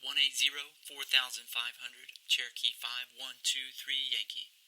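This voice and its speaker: Brief: a man playing a crisp, clipped radio controller in a put-on British accent, with a sharp, bright tone. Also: mid-range voice, flat delivery, normal speed, slight background noise, low-quality recording. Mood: crisp, formal. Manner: clipped, formal radio phraseology. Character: male air traffic controller and pilot trading radio calls.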